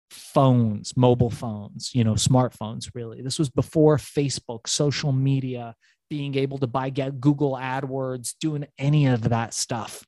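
A middle-aged man telling his story as an interview guest, animated and acting out dialogue, swearing freely. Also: mid-range voice, no echo.

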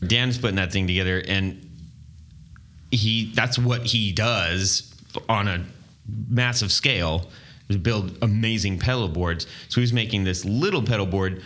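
A man's voice: on the low side, unhurried, fairly bright tone. A man hosting a casual gear podcast, rambling and easily breaking into giggles. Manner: rambling, giggly, loses composure laughing. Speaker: podcast host. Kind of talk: casual chat.

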